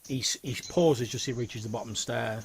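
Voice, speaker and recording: A man's voice: mid-range voice, fairly quick, slight background noise. A man narrating a tabletop role-playing game as game master, in a casual, filler-heavy way.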